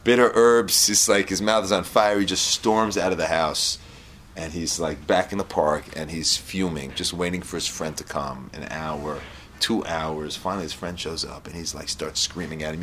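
A man giving a storytelling Torah lesson, reading Hebrew lines and explaining them in English, with lively character voices. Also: low voice, normal speed, a little hiss or hum.

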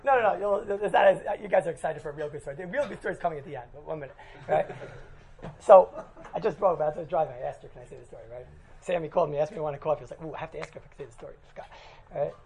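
A man's voice: a little high, very fast, gravelly, darkish tone, low-quality recording. An American man, a rabbi, telling a funny story to his congregation in a chatty way, often checking in with "right?" and laughing at his own jokes. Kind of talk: humorous storytelling talk to a congregation.

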